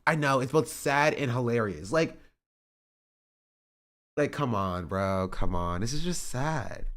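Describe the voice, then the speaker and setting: A man's voice: medium pitch, expressive, slow, pauses often, a bit bright. A male streamer in casual chat, reacting to online drama in a rambling, exasperated way with many filler words.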